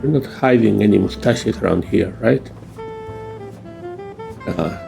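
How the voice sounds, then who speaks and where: A man's voice: lowish voice, animated, measured pace, gravelly, long pauses, over music. A man hosting a game playthrough, commenting in a musing, playful way. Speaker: gaming channel host. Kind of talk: let's-play commentary.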